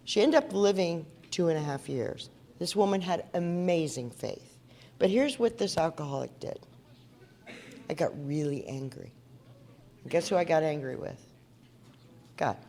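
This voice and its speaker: A woman's voice: sits low, moderate pace, pauses often, darkish tone, a little hiss or hum. A woman from Indiana speaking at a recovery meeting, telling her story in an earnest, conversational way and asking the audience questions. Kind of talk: personal recovery talk at a meeting. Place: meeting hall before an audience.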